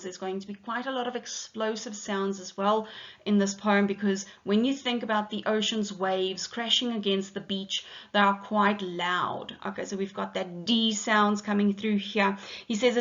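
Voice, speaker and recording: South African woman teacher, slow and patient. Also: medium pitch, fairly bright tone, highs cut off. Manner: explains patiently, reads poem lines aloud, frequent ums. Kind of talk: poetry lesson explanation.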